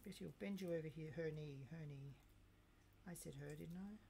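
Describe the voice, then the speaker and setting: A woman with a slightly low voice chats away to her stream while she cooks in her kitchen. She talks to herself and her viewers in a loose, playful way and throws in teasing mock threats. A faint hum of room noise sits under her voice. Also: normal speed, creaky. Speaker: cooking livestreamer. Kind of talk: casual live-stream chat while cooking. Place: home kitchen.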